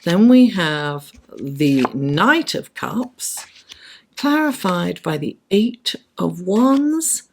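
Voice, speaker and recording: Slow, raspy woman reading tarot. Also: on the low side, sing-song, darkish tone, a little hiss or hum. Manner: unhurried, reflective, many fillers and restarts. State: raspy voice, under the weather. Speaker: astrologer and tarot reader. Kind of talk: weekly horoscope and tarot reading.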